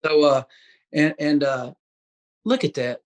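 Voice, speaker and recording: A man's voice: on the high side, steady tone, slow. A man as a podcast guest, talking casually in a folksy way and giving hunting advice. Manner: folksy, gives advice, says dude and bro. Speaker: guest hunter. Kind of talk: casual chat.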